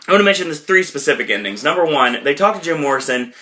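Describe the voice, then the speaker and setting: A man hosting a podcast, casually retelling a movie in a rambling way, with lots of fillers and quick impressions. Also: a little high, animated, sharp tone, a little hiss or hum. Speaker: podcast host.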